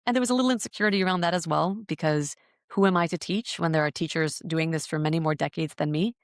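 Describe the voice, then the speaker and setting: A woman's voice: low-pitched, fast talker, no room sound, clean studio sound. A woman guest on a podcast telling her story in an earnest, searching way, often repeating words as she thinks. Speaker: podcast guest, breathwork teacher. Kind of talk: reflective interview storytelling.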